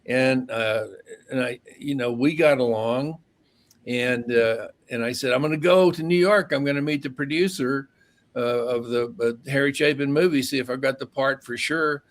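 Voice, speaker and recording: A man's voice: mid-range voice, moderate pace. An older man, a podcast guest, telling a rambling personal story in a casual way, laughing at his own tale and acting out the lines of the people in it. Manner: acts out quoted dialogue.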